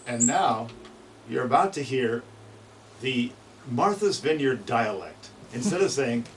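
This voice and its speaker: A man talks through birdsong in an easygoing, enthusiastic way and now and then mimics a call. His voice sits at a middle pitch. He stands a little back from the mic, and steady noise runs under him. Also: slow, far from the mic, rough recording. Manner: chatty, enthusiastic, imitates bird calls. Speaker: birding presenter. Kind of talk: informal talk on birdsong.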